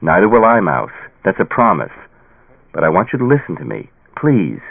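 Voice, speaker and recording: A man's voice: low voice, very animated, normal speed, vocal fry, husky, no echo, heavily acted. A man voicing a tired, patient father pleading with his daughter in an audiobook. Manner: pleading, patient, sometimes stern. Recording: tinny phone-like dry sound.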